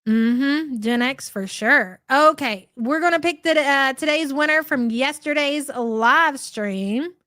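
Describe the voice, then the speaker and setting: A woman's voice: high-pitched, slow, hardly any pauses, pushed and bright, no room sound, studio quality. A middle-aged woman hosting a live stream, chatting casually and rambling, with frequent profanity.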